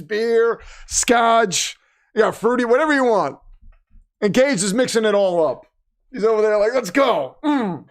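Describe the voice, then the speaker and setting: High-pitched guy hosting a game watch stream, super hyped, yelling at plays, kinda losing his voice. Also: smooth. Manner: animated, exclaiming, reads chat aloud. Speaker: livestream host. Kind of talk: excited live game watch-party commentary.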